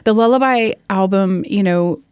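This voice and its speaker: A woman's voice: mid-range voice, moderate pace, darkish tone, clear, resonant tone, no echo. A woman worship leader telling stories earnestly in a casual podcast conversation, laughing often.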